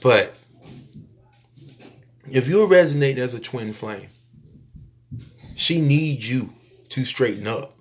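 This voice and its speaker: A man delivering a spiritual preaching monologue to his viewers, emphatic and repetitive, stretching out phrases and suddenly dropping to a soft near-whisper. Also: mid-range voice, lively intonation, slow, pauses often. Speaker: YouTube speaker.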